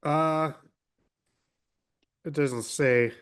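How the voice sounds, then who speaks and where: A man's voice: fairly high pitch, steady tone, extremely slow, clear, resonant tone. A young man co-hosting a casual podcast, laid-back and laughing often. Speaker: podcast co-host. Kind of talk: casual profane podcast chat.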